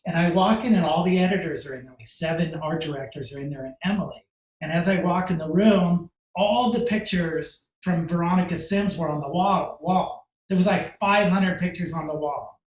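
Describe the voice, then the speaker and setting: A man's voice: fairly high pitch, echoey room, poor audio. A man from the United States telling a long personal story with animation, acting out other people's lines and whispering his inner thoughts, with many "like" fillers. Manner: acts out quotes, drops to a hush for inner thoughts; many "like" fillers, fast and emotional.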